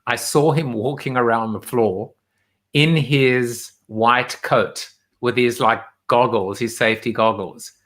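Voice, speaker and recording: Male host, bright tone, loose rambling delivery full of fillers and restarts. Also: mid-range voice. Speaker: show host. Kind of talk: casual live-stream chat.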